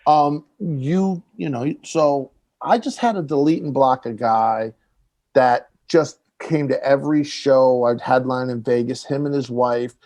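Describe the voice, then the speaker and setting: A man, a comedian, telling stories in casual podcast chat and loudly acting out what people said. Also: medium pitch, measured pace. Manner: animated storytelling, acts out quotes loudly.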